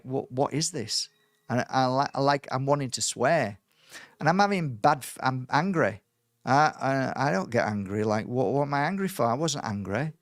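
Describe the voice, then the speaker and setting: A middle-aged man recounts a strange personal experience as a spiritual healer. He talks in an animated, halting way, full of fillers and restarts, and acts out the voices he quotes. His voice sits at a mid pitch and is recorded dry and close. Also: no echo. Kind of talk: personal storytelling.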